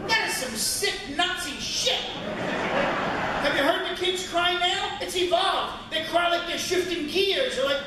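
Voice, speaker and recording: A man doing a stand-up comedy routine on a club stage, ranting and building to shouted punchlines. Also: very high-pitched, unhurried. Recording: echoey club from far off with loud audience noise. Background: audience ambience.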